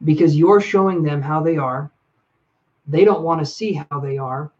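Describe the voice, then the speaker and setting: Man, fairly high voice, live-stream relationship advisor who talks to chat by name, murky lo-fi audio. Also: moderate pace. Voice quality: reflective, speaks straight to viewers by name. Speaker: livestream reader and relationship advisor.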